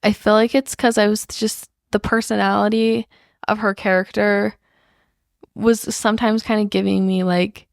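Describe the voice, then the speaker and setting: A woman's voice: mid-range voice, level tone, moderate pace, creaky, dry recording, clean studio sound. A young woman co-hosting a book club podcast, chatting casually and rambling with fillers. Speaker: podcast co-host.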